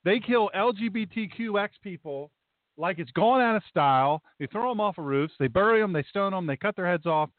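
A man's voice: high voice, lively intonation, fairly quick, no echo. A man hosting a talk show, an emphatic and rambling storyteller who acts out scenes as he goes. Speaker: talk show host and pastor. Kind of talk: talk radio chat. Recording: tinny phone-like line, dry.

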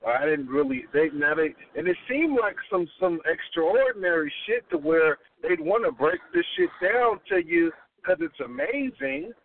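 A man hosting a podcast in a loose, profane, rambling way, his voice sitting a bit on the high side. The sound is thin and narrow, like it is coming through a phone. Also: lively intonation, moderate pace, hardly any pauses. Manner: profane, rambling, laid-back. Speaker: podcast host. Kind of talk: casual chat. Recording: tinny phone-like line.

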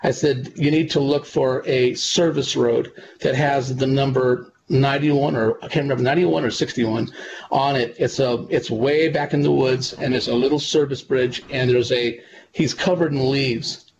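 A man being interviewed, talking in long, earnest, meandering stretches full of "uh" and "you know." His voice sits at an everyday middle pitch. The audio is dull and lo-fi, with plain background noise running under it. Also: fairly even intonation, normal speed. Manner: rambling, earnest, many fillers. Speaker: psychic medium guest. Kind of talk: casual interview storytelling.

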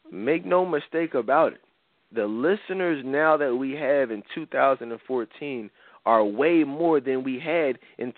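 A man's voice: medium pitch, no room sound. A man hosting a talk radio show, talking in an earnest, emphatic way and repeating words as he builds his point. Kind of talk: casual talk radio chat. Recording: tinny phone-like dry sound.

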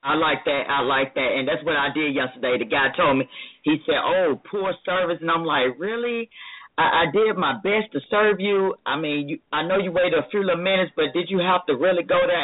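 A woman hosting her own radio show, chatting in an earnest, candid way. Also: fairly low pitch. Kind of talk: casual interview chat. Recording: phone-like, band-limited line.

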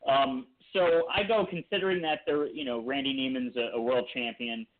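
Man, podcast co-host, casual chat, rambling with restarts, mid-pitched voice, tinny phone-like line. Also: steady tone, normal speed.

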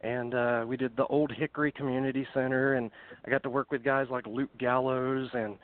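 Slightly breathless and chatty, with plenty of fillers, a Middle Tennessee man shares wrestling stories as a guest on a podcast call. His mid-range voice has little pitch movement and runs fairly quick, captured in dry, phone-like audio.

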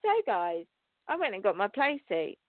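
A woman hosting a spiritual talk show, telling a story to her listeners in a chatty, excitable way with restarts and laughter. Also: medium pitch, moderate pace, no room sound. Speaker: show host and psychic reader. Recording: tinny phone-line sound.

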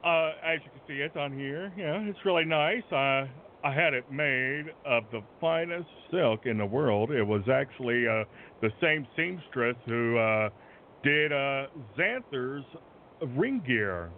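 A man's voice: medium pitch, animated, a little slow. A man in character as a brash wrestler, bragging and rambling, stretching his words for effect. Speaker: wrestler persona on a talk show. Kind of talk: in-character wrestling promo chat. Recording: tinny phone-like line, faint noise.

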